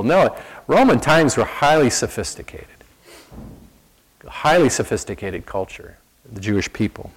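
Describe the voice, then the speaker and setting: A man preaching a sermon in a conversational, animated storytelling manner, often restarting his sentences. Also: mid-range voice, moderate pace, low-quality recording. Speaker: pastor.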